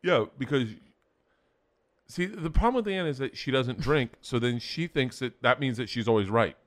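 A man's voice: medium pitch, animated, normal speed. Middle-aged man telling rambling stories. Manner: rambling, profane storyteller. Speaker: podcast guest. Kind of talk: casual chat.

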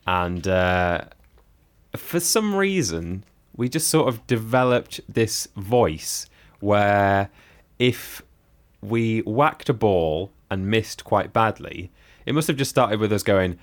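A man's voice: fairly low pitch, animated, slow. A man co-hosting a casual podcast, explaining things in a dry, matter-of-fact way. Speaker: podcast co-host. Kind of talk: casual group chat.

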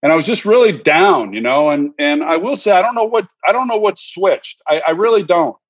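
A man in his fifties, a former quarterback and broadcaster, guests on a podcast and tells a story in a relaxed interview. His high, expressive voice moves briskly, reflective and candid, with many restarts and repeated words. The recording is muffled.

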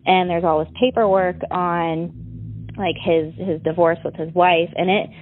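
This young adult woman speaks unhurriedly in a lowish voice with fairly even intonation. As an interview guest telling her own story, she rambles, restarts and stacks up "like" fillers. The audio is narrow and tinny, with slight background noise.

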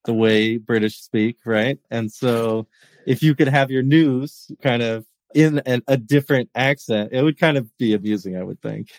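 A man's voice: medium pitch, normal speed, dry recording. A man hosting a podcast, talking casually in a rambling way with many restarts. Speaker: podcast host. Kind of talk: casual chat.

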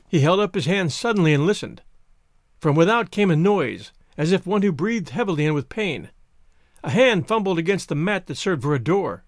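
A man narrating a classic short story as a podcast host, expressive with varied character voices. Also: sits high, moderate pace, no room sound, studio quality. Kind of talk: storybook reading.

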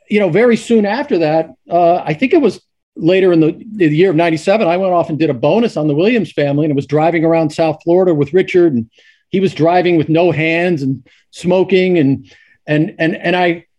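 A man's voice: fairly high pitch, darkish tone. A middle-aged man, a sportswriter guest, telling stories casually with many restarts and fillers. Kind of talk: casual storytelling.

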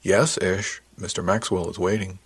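A man reading the part of a blunt, teasing woman on a ship's crew, speaking briskly and firmly in an audiobook. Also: low-pitched, fairly even intonation, breathy edge. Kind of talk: audiobook character voice.

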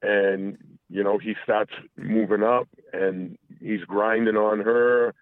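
A talk-show caller with a lowish voice delivers a flat, slow account of something personal, full of restarts and profanity. The phone line sounds tinny and the recording is dry.

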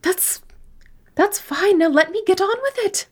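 A woman's voice: extremely high pitch, measured pace, pitched above the performer's own voice. A woman voicing a prim, fussy woman mapmaker in a tabletop role-playing game, with an accent that keeps shifting. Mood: curt.

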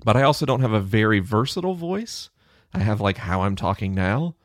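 A man hosting a science Q&A podcast alone in his office, explaining in a relaxed, conversational way into a close microphone. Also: on the low side, brisk, no room sound. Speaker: podcast host answering listener questions. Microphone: close studio microphone off to the side of the mouth.

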